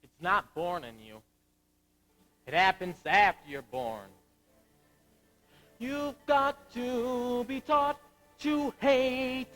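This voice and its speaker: A teenage boy playing a troubled, earnest young Marine lieutenant in a school stage musical. His voice is high for a man and his delivery unhurried. He speaks in anguished, searching lines and sings a slow ballad. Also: fairly bright tone, exaggerated voice, poor audio. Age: late teens. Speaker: student actor in a school musical. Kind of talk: amateur stage musical acting and singing.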